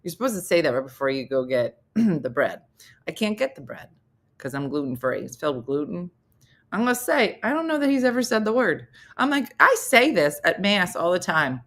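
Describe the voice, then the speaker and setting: A middle-aged woman hosts a casual comedy morning show, telling stories and acting out quotes in a sing-song voice like a chatty storyteller. Her voice sits on the low side with big pitch swings, a fairly quick pace, and a fairly bright tone.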